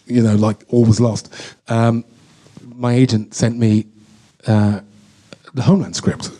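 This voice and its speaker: A man telling a candid, emotional story as a guest at a live on-stage Q&A, full of halting restarts. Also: mid-range voice, flat delivery, dark tone. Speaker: guest actor. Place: stage in front of an audience.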